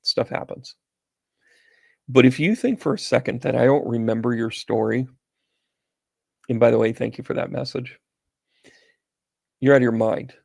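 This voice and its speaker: A man's voice: medium pitch, moderate pace, gravelly, pauses often, darkish tone, breathy edge, dry recording. A man hosting a casual livestream, chatting with viewers by name and telling rambling stories while reading tarot on a close, sensitive microphone. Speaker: psychic medium host.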